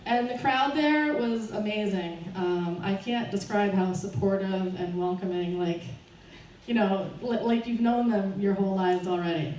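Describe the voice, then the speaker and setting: A woman's voice: medium pitch, unhurried, a little mellow. A woman tells a personal story to a live crowd. She talks nervously and laughs often as she goes. The sound is distant and echoey, with faint noise behind her. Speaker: speaker at a fundraiser.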